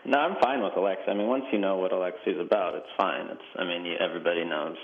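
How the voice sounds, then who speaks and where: A man's voice: deep voice, fast, vocal fry, narrow, tinny audio. A male former soccer player on a remote line as a radio guest, talking in an easygoing, wry and self-deprecating way. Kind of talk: relaxed interview.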